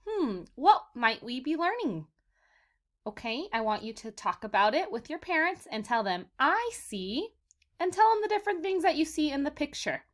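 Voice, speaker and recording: A woman teacher leading a vocabulary lesson for young children, sounding out words slowly for them to repeat and calling them "my friends.". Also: high-pitched. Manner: slow, exaggerated word modeling for repetition; encouraging, addresses children as "my friends".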